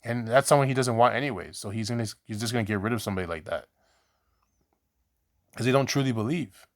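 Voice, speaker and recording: A man's voice: mid-range voice, fast, no echo, clean studio sound. A man giving an informal scripture teaching, talking conversationally, often asking "right?" and repeating himself, blunt and at times profane. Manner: conversational, repeats 'right?' and restarts; blunt, swears in examples. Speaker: preacher.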